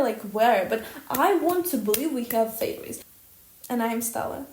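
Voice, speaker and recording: Loud, blunt young woman vlogging. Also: on the high side, measured pace, a little hiss or hum. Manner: loud, blunt and expressive, swears freely. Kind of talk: personal vlog monologue. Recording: echoey room.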